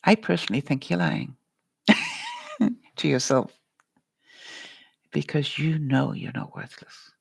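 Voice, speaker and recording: Woman life-coach vlogger, very gravelly, dry close sound, encouraging live-stream talk. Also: deep voice, huge pitch swings, slow pace, long pauses, no echo. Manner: earnest, encouraging, addresses viewers by name. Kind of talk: live-stream pep talk answering chat.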